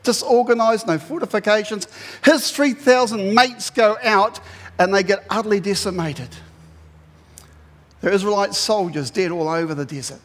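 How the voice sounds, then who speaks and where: A male pastor preaching a sermon, telling the story in an animated way and acting out the quotes in loud bursts. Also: high-pitched, normal speed. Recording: long hall reverb.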